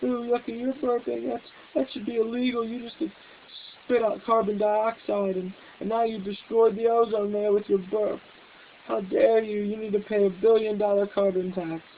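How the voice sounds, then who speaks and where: A man squealing as a shrill outraged zombie. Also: flat delivery, normal speed. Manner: squealing, indignant. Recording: tinny phone-like line with faint hiss.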